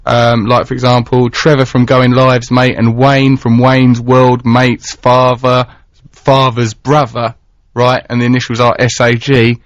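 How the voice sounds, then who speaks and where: A man's voice: medium pitch, flat delivery, measured pace, dry recording. A man hosting a radio show in a studio, talking in a playful, wordy, teasing way. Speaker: radio host. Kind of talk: comic radio banter. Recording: dry, dull lo-fi radio recording.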